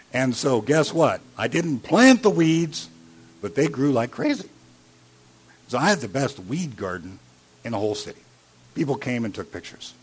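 A man preaching a sermon as a pastor, telling a personal story and swinging between loud emphasis and hushed, quiet lines. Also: medium pitch, breathy edge. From Iowa.

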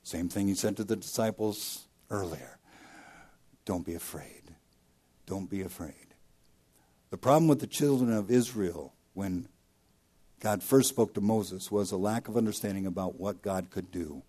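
Male pastor, sermon delivery, low mellow tone, big dynamic swings, repeats for emphasis. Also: moderate pace. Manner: preaching with swings from loud emphasis to hushed drops; repeats key phrases for emphasis.

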